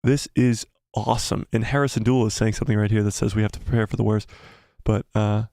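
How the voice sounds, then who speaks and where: A lowish male voice, close and dry, talks through a trailer on a live stream. He rambles excitably, piling up fillers and restarts as he goes. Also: quick pace, gravelly, no room sound. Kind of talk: live casual commentary.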